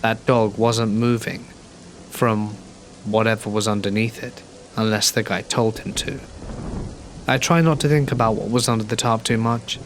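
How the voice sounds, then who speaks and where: A man narrating a horror story in a calm, measured, scripted reading. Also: lowish voice, a little hiss or hum. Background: gentle rain.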